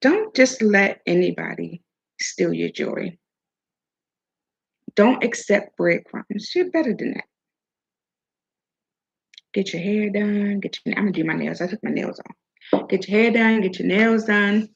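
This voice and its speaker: A woman with a gravelly, husky voice gives chatty, preachy advice about self-worth, tossing in the odd swear word. She sometimes talks around food in her mouth, and the recording sounds a bit dull and lo-fi. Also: mid-range voice, animated, unhurried, long pauses. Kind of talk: casual motivational talk.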